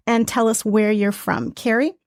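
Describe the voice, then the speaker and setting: A woman's voice: a little high, steady tone, moderate pace, no room sound, studio quality. A woman hosting a podcast in an upbeat, enthusiastic way. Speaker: podcast host, voiceover coach.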